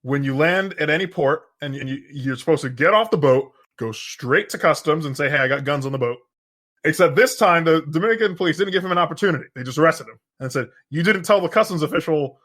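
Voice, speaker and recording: A man with a slightly raised voice co-hosting a casual podcast, relaxed and quick to laugh. He wanders through a news story with plenty of "um" and "like". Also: a little high. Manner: relaxed, laughs often, retells news with fillers. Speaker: podcast co-host. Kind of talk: casual political podcast chat.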